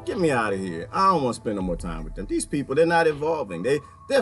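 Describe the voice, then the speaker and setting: A man delivering a ranting comedic monologue, swinging from low mutters to high-pitched outbursts. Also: wildly swooping pitch, fast, few pauses, fairly bright tone, faint music behind. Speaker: vlogger.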